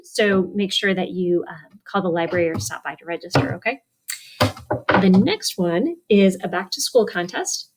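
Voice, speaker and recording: Sing-song woman reading a storybook. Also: medium pitch. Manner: sing-song, asks children questions and answers for them. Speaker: children's librarian. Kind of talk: storytime read-aloud for young children.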